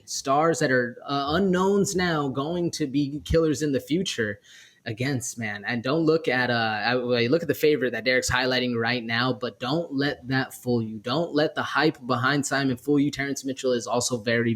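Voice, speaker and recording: A man's voice: mid-range voice, moderate pace, a bit bright. A young man co-hosting a sports betting podcast, easygoing and rambling as he breaks down the fights. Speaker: podcast co-host. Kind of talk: casual sports betting chat.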